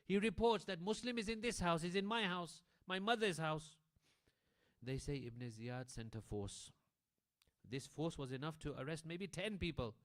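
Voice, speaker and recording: A male preacher telling a story in a sermon, swinging between hushed tones and loud emphasis. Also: fairly high pitch, normal speed. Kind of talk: sermon narration. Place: community centre prayer hall.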